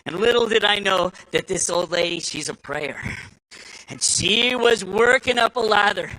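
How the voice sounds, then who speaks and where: A man's voice: sits high, animated, normal speed, bright, forceful tone, rough recording. A man giving a speech to a live audience, telling folksy stories with repeated restarts and acting out the voices he quotes. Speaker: speaker at a political summit.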